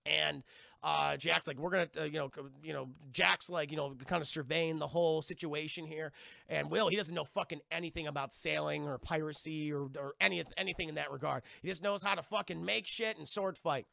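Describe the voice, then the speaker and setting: A man's voice: a little high, steady tone, a little fast, creaky, bright, forceful tone, dry recording, clean studio sound. A man streaming a rambling, profane casual movie recap to his chat.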